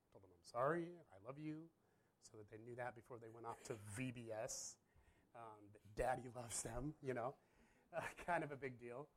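A man in his thirties, a pastor, telling a personal story in a candid, self-deprecating, rambling way with frequent laughs. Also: medium pitch. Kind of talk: casual storytelling.

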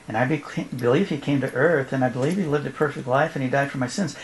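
Man telling an animated family story, noisy recording. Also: medium pitch, fast talker. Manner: animated, often laughing, acts out his children's voices. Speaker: former youth pastor speaking at a church event. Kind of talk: personal testimony storytelling.

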